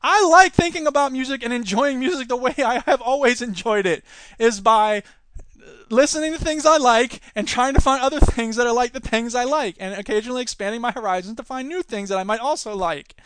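A male podcast host rants alone, sarcastic and exasperated. His voice sits very high for a man. The recording is dry and close, with no room echo. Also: a little fast, fairly bright tone. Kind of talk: solo comedic podcast rant.

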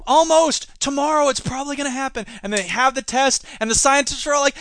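A man hosts his own podcast, reading the news aloud and breaking off into sarcastic jokes and mocking voices. His voice sits high and bright. The sound is dry and close to the mic. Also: fast talker, hardly any pauses, no room sound. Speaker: podcast host. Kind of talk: solo podcast commentary on news.

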